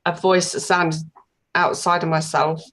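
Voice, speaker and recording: Low-voiced woman telling a story. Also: little pitch movement, unhurried, fairly bright tone. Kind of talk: casual spiritual conversation.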